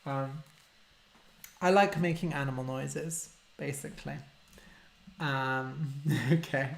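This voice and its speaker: A man's voice: medium pitch, fairly even intonation, slow, creaky. A man, a language teacher hosting a casual live-stream Q&A, reading out viewer questions and explaining simple words for learners. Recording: roomy echo.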